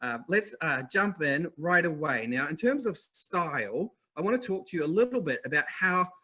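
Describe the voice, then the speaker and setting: A man with a New Zealand accent hosting a live online masterclass, upbeat and energetic, talking straight to viewers in chat. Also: fairly high pitch, moderate pace. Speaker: webinar host.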